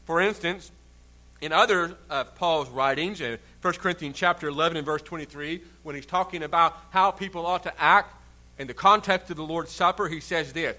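Man, pastor, sermon, bright tone, fairly high pitch, emphatic, drawn-out stresses.

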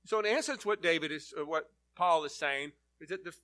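Bright, high-voiced male preacher. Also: fairly quick. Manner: earnest, emphatic on key words. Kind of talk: sermon, Bible teaching.

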